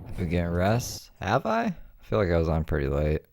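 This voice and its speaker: A man's voice: low voice, wildly swooping pitch, a little fast, vocal fry, a little mellow, a little hiss or hum. A man joining the stream from elsewhere, talking in an unsure, rambling way with lots of restarts.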